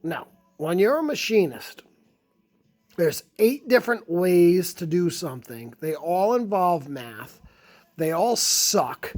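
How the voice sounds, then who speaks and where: Slow, rambling small-town vlogger venting. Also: mid-range voice, sing-song, darkish tone, faint music behind. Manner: rambling, profane, grumbling venting. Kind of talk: casual storytelling rant.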